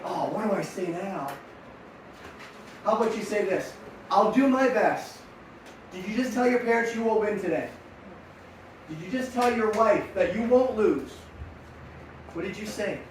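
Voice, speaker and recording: Middle-aged male coach, high-pitched, energetic motivational talk, recorded far off in a reverberant hall. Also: a little hiss or hum. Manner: energetic, rhetorical questions to the audience. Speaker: sports mental coach. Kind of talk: motivational talk to young riders. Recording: echoey room, mic at a distance.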